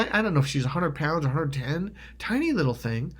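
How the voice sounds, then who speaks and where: A man's voice: on the high side, very animated, a little fast, hardly any pauses, breathy edge. A man telling a personal story in a rambling monologue, restarting often, swearing casually and acting out what others said. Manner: acts out quoted voices loudly. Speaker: motivational video host.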